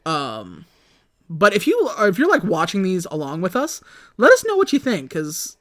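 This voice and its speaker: Animated young woman podcaster, very lively pitch. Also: moderate pace, dry recording, studio quality. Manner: animated, swears freely, acts out quotes. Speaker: podcast co-host. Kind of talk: casual chat recapping a movie.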